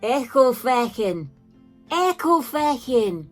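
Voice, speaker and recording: A woman voicing a gruff red-bearded male dwarf shopkeeper with a put-on Scottish accent who shouts his lines. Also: fairly high pitch, very animated, takes it slowly, soft background music, voice pushed up. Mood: gruff bellowing.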